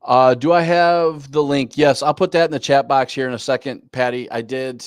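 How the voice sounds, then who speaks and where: A man's voice: medium pitch, normal speed, no echo. A man teaching a live online class on goal planning, repeating his key points and often asking "right?". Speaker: business coach.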